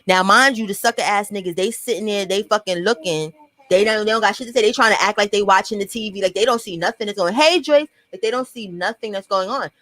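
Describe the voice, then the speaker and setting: A woman's voice: mid-range voice, fast, a bit bright, poor audio. Blunt profane New York woman vlogger. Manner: blunt, profane, addresses viewers directly. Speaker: vlogger telling a personal story. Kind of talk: casual storytime to camera.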